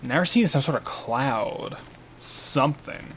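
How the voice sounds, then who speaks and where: A game critic offers casual let's-play commentary, chatty and joking as he thinks aloud while playing. His mid-range voice is unhurried and a bit bright, with a little hiss or hum and faint game music in the background.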